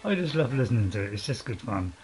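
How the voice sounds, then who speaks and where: A British man hosts a let's-play video, chatting as he games and joking at his own expense, laughing often. His medium-pitched, darkish voice is very animated and racing, and the rough recording catches a dog barking nearby.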